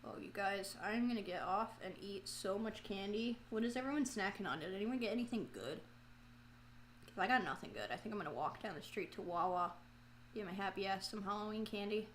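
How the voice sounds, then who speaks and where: A woman live streaming as she paints a pumpkin, chatting casually to her viewers. She is self-mocking, swears freely and breaks into loud, frustrated outcries. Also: medium pitch, expressive, fairly quick, slight background noise.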